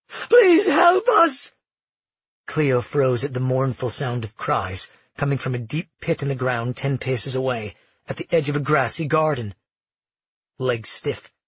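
A man narrating an audiobook in scripted, steady storytelling. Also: mid-range voice, breathy edge, no room sound, muffled recording.

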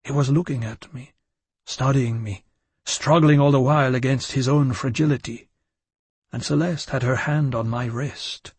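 A man's voice: mid-range voice, steady tone, normal speed, husky, no echo. A man reading a first-person story aloud in an intense, dramatic manner. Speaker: audiobook narrator. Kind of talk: scripted first-person narration.

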